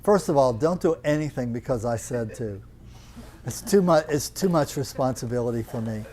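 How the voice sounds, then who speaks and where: A man's voice: mid-range voice, lively intonation, moderate pace, dark tone. An older man teaching a live Thai yoga class, chatty and teasing, explaining with questions to students in the room.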